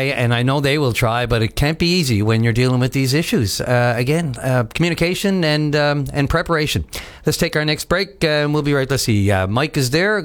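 A man hosting a live call-in radio show who rambles and fills his talk with ums and uhs. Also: medium pitch. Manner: rambling, with many fillers.

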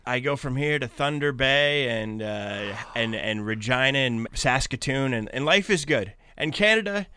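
A man's voice: mid-range voice, lively intonation, normal speed, few pauses, pushed and bright, a little hiss or hum. A man from Pittsburgh, a traveling content creator, telling stories as a guest in an interview and acting out what people said to him. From Pittsburgh, USA. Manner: enthusiastic storyteller, acts out quotes. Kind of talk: animated interview chat.

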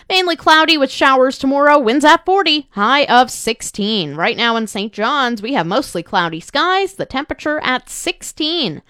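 A woman reading a radio weather report in a crisp, even way. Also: high-pitched, dry recording, clean studio sound. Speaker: newsreader.

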